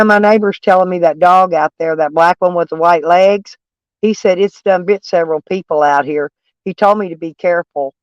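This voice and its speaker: A man's voice: sits high, smooth, dry recording, muffled recording. A man with a stuffy nose chatting casually with viewers from his van, rambling and plainspoken. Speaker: van life vlogger. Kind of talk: casual live chat with viewers. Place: in a van, door open.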